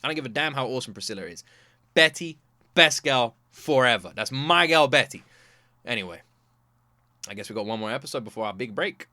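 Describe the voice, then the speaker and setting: A man hosting a reaction video, chatting casually in an animated, joking way. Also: medium pitch, quick pace, no room sound, clean studio sound. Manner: animated, joking, acts out scenes.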